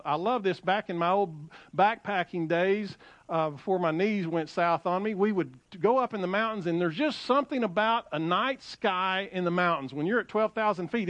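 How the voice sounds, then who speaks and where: A middle-aged man preaching a sermon, animated and repeating phrases as he quotes scripture. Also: high-pitched, no echo, lo-fi sound. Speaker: pastor.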